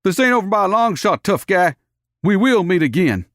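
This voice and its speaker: A man's voice: high voice, very animated, normal speed, fairly bright tone, no echo, studio quality, voice pushed up, heavily acted. A man voicing an abusive cowboy who snarls threats. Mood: menacing. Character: abusive young male cowboy, sneering bully.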